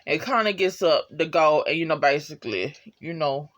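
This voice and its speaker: Animated casual woman reviewing a show. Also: low voice, normal speed. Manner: animated, slangy, acts out characters' lines. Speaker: TV episode reviewer.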